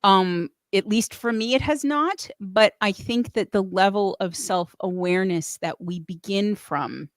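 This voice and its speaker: A woman's voice: mid-range voice, a little slow, hardly any pauses, no echo, clean studio sound. A middle-aged woman hosting a casual livestream, gushing emotionally and reading chat messages aloud. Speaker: host.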